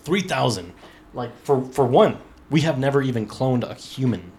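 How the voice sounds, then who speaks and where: A man hosting a relaxed podcast, working his way through a news article. He reads in a loose, chatty way, tripping over words and breaking off for profane asides to his friends. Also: medium pitch, normal speed. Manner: loose, laughing, profane, restarts while reading. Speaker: podcast host. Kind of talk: casual podcast chat, reading an article.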